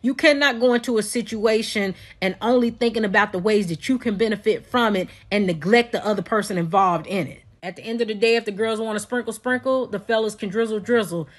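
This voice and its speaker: A woman speaking in a preachy, lecturing tone, as in a social media clip. Her voice sits at a middle pitch. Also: fairly quick, hardly any pauses.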